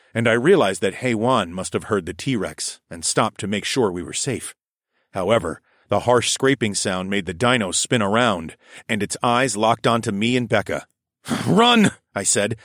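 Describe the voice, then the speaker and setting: A man reading a first-person adventure story aloud in a steady, even narrating manner. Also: lowish voice, normal speed, no echo, studio quality. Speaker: audiobook narrator.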